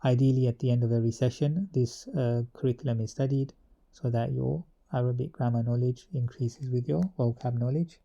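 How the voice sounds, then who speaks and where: A man methodically explaining an Arabic grammar table to students, with pauses, fillers and restarts. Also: medium pitch, fairly even intonation, gravelly, mellow, dull audio. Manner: methodical, repetitive teaching.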